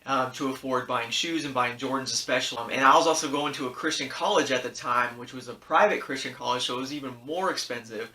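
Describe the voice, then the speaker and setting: A man's voice: medium pitch, fast talker, few pauses, pushed and bright, echoey room, recorded from a distance. A man in his thirties telling a personal story on his sneaker vlog in a casual, rambling, earnest way, full of fillers and restarts, encouraging his viewers. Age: 30s. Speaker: sneaker YouTuber.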